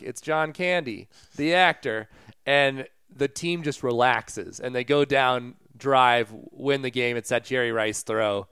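A man's voice: medium pitch, a bit bright, clean tone, no echo, clean studio sound. A man co-hosting a casual sports podcast, chatting loosely and retelling stories with fillers and asides. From Colorado. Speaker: podcast co-host.

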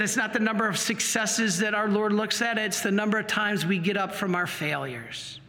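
Male priest, high bright tone, earnest sermon, reverberant church hall. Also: normal speed, hardly any pauses. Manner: earnest, animated preaching.

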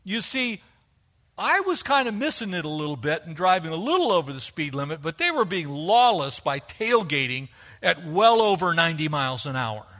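A man preaching a sermon, animated and fond of acting out quoted voices. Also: fairly high pitch, moderate pace. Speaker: pastor.

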